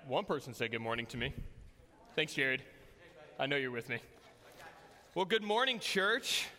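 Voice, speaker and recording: A man's voice: high voice, sharp tone. A young man preaching a sermon in a casual, joking way, telling a personal story to his church. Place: church hall. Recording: long hall reverb.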